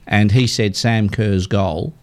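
A man's voice: lowish voice, fairly even intonation, slow pace. An Australian man co-hosting a radio fishing show with easygoing, teasing banter. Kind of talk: casual radio chat.

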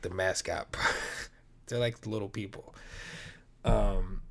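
A man hosting his own podcast, talking alone in a rambling, laid-back way, with plenty of swearing as he tells stories. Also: mid-range voice. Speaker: podcast host. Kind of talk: casual solo podcast monologue.

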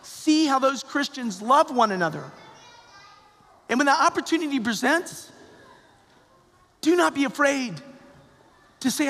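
Male priest, sermon delivery, very high pitch, conversational with emphatic peaks, reverberant church. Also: animated, measured pace, long pauses, bright, forceful tone. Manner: conversational, repetitive, rising to emphatic calls. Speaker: parish priest.

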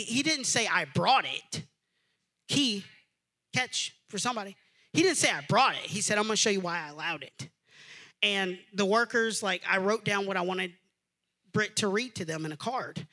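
A young adult male pastor preaching a sermon, moving from loud, emphatic preaching to soft, personal storytelling. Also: high voice.

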